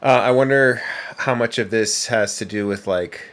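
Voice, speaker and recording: An American man with a voice on the low side co-hosts a parenting podcast at a moderate pace, sounding a bit bright. The chat is casual and rambling, packed with fillers and restarts.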